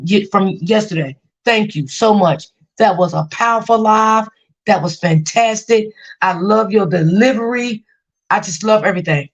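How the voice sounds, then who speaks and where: A woman hosting a casual livestream, venting about family and reassuring her chat viewers, often repeating herself. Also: on the low side. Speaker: livestream host.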